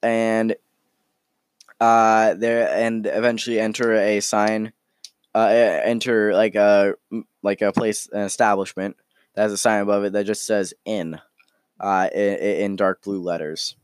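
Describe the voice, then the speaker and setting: A man's voice: fairly low pitch, flat delivery, unhurried, smooth, no room sound. A man narrating as game master of a tabletop game, rambling and full of fillers.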